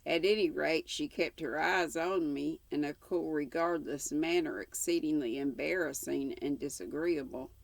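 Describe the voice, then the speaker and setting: Older lady reading a novel aloud, slow and gravelly, dry close sound, drops little asides. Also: low-pitched, dry recording. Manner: unhurried reading with casual asides. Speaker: audiobook reader.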